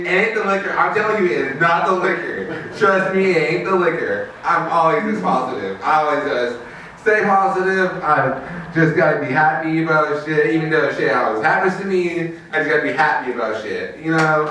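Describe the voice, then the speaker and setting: Man, open mic comedian, rambling and swearing, sharp bright tone, distant echoey room. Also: on the high side, slight background noise. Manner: rambling, laughs at his own lines, swears a lot. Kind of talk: stand-up storytelling. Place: small open mic venue.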